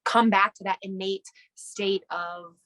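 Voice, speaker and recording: A woman's voice: medium pitch, steady tone, takes it slowly, a bit bright. A woman hosting a podcast in casual conversation, reflective and fond of rhetorical questions. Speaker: podcast host.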